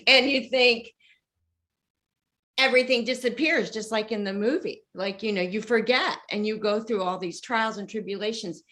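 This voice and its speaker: A middle-aged woman guest telling heartfelt stories in conversation, emotional and expressive. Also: a little high, normal speed, rough recording. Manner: emotional, voices others in quoted lines. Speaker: guest, youth organizer.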